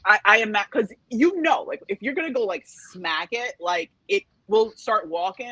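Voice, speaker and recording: A woman's voice: mid-range voice, sharp tone, slightly rough, dry recording, rough recording. A woman co-hosting a podcast, chatting casually in a rambling, playful way. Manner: rambling, playful, quick to laugh along. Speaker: podcast co-host. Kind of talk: casual chat.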